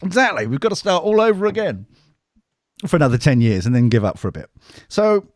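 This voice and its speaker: A man's voice: a little high, big pitch swings, a little fast, a little mellow, no room sound, clean studio sound. A man co-hosting a casual podcast, teasing his guest and laughing often. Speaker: podcast co-host. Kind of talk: casual banter.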